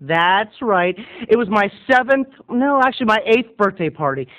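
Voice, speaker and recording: A man's voice: high-pitched, animated, moderate pace, muffled recording. A man telling a comic childhood story as a video blogger, with theatrical, exaggerated delivery.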